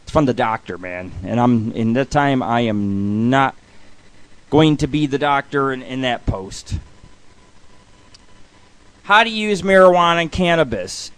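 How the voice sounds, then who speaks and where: A man's voice: medium pitch, lively intonation, unhurried, pauses often, a bit bright, clear, resonant tone. A middle-aged man hosting a radio show, telling jokes and reading comic lists in a loose, swearing manner. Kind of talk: casual comedic radio monologue.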